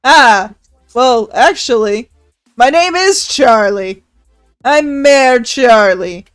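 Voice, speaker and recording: A woman's voice: a little high, animated, takes it slowly, clear, resonant tone, no echo. A woman voicing a boastful, meat-loving male dragon who is mayor of a town, rambling and crude in an improvised tabletop role-play. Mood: cocky.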